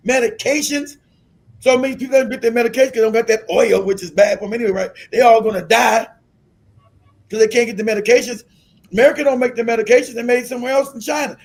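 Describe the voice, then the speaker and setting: A man with a strikingly high-pitched voice delivers a blunt, profanity-laced rant as the host of a livestream. He repeats his points insistently and talks like he is lecturing the audience. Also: a little mellow, low-quality recording. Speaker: host of a commentary stream. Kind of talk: ranting political commentary. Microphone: streaming mic.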